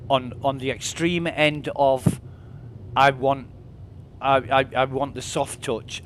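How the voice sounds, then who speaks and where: Slight background noise sits under a medium-pitched male voice. He's a livestreamer mid-game, swearing and sounding fed up as he casually recounts an argument.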